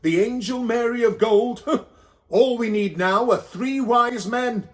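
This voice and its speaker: A man with a Welsh accent voicing Doctor Bev, a brisk, fussy woman who calls people doll. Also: extremely high pitch, pitched above the performer's own voice. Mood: bustling. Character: bustling loud middle-aged barmaid doctor woman.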